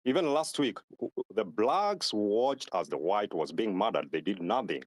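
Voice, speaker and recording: A man from Kenya calling into a live online audio room, arguing in a halting way and repeating his words. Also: lowish voice, lively intonation, no echo. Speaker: caller.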